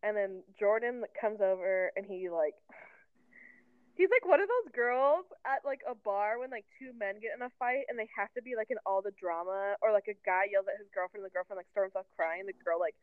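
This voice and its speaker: A woman's voice: a little fast, no echo. A woman co-hosting a podcast, recapping a reality show in casual chat. She acts out the quotes with lots of "like". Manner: animated, acts out quotes with a raised pitch, fillers like "like". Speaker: podcast co-host. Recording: tinny phone-line sound, dry.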